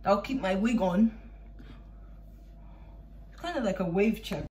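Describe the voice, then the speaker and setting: Over a noisy crowd, a young vlogger from Ireland talks in a mid-range, expressive voice at a slightly slow pace. She's baking in her home kitchen, rambling along with jokes and plenty of swearing, and the recording has a noisy, homemade feel.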